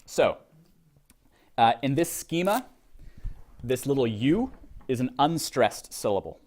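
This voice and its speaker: A literature lecturer teaches a poetry class, questioning his students and often using ums and restarting sentences. His medium-pitched, slightly mellow voice swings widely in pitch, and he reads verse slowly with heavy stress.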